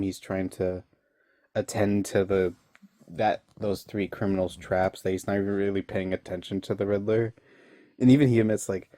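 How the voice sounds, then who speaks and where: A man's voice: fairly low pitch, warm tone, no echo. A young man casually recapping an episode, rambling and laughing often. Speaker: online reviewer.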